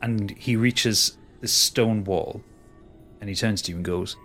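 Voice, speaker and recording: A man's voice: lowish voice, normal speed, bright, forceful tone, faint music behind. A man narrating a tabletop game as game master, describing scenes at length with small restarts.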